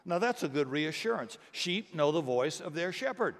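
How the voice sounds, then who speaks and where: A man's voice: on the high side, sing-song, normal speed. A middle-aged man preaching a sermon as pastor, earnest and rising to emphatic bursts. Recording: long hall reverb.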